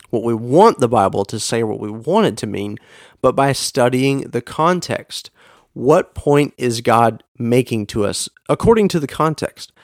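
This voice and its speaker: A man's voice: medium pitch, no room sound, clean studio sound. A man hosting a podcast episode, teaching earnestly and leaning hard on key words for emphasis. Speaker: podcast host teaching on Bible reading. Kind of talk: scripted teaching monologue.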